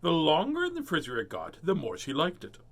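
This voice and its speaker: A man's voice: fairly high pitch, huge pitch swings, fast talker. A man reading a children's picture book aloud, breaking off for playful jokes and asides. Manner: playful, joking asides, voices characters. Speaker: storybook reader.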